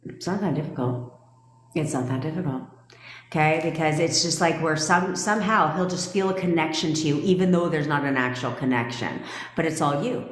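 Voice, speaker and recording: Woman, lower-pitched, blunt and profane live-stream coach, laughs easily, echoey room. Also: fairly quick. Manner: reads and answers viewer comments. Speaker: manifestation coach. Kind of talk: casual livestream chat.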